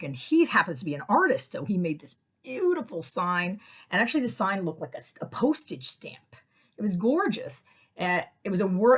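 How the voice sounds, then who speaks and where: A woman casually telling a personal story to camera, acting out the voices of people in it with big jumps in pitch. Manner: animated, acts out her own quoted lines. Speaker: vlog host.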